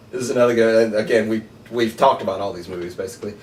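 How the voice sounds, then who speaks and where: A man co-hosting a casual movie podcast, who reads film quotes slowly and laughs often. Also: fairly low pitch, a little mellow, a little hiss or hum. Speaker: podcast co-host. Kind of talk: casual chat. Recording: roomy sound, mic at a distance.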